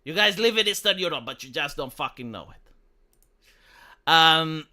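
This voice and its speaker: A man's voice: a little high, lively intonation, slow pace, bright, forceful tone. A man from Romania ranting on a live stream, heated and profane, often stumbling and restarting his sentences.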